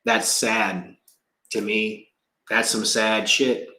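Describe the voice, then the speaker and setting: Man, card reader, rambling and emotional, heavy swearing, bright tone, echoey room. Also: on the low side, level tone, slow pace, a little hiss or hum. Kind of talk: casual livestream rant and card reading.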